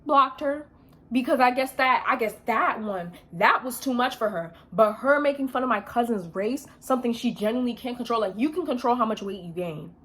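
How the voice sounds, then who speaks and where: A woman's voice: fairly high pitch, animated, brisk, a bit bright. A young woman vlogging, telling a story in a blunt, emphatic rant full of slang.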